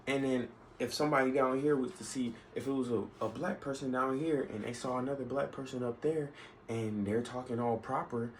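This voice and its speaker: This vlogger vents in a rambling, casual monologue, often restarting and going off on asides. He speaks a little fast at a medium pitch, and the recording is rough with a faint hum of background noise.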